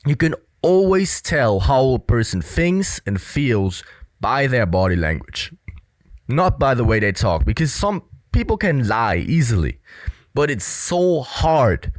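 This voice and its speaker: A man's voice: medium pitch, very animated, measured pace, no room sound. A young man giving casual commentary as a body language coach, earnest, with many fillers. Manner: earnest, repetitive, filler-heavy explaining.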